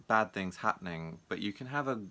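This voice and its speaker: Talking through his thoughts in a laid-back video diary, a martial arts teacher performs others' lines in raised voices. His lowish voice is animated, a bit fast, pushed and bright.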